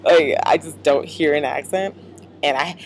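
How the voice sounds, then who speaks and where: A woman's voice: sits low, unhurried, a little hiss or hum. A young American woman vlogging casually, chatty and rambling with lots of fillers. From United States. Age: young adult. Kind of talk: casual vlog.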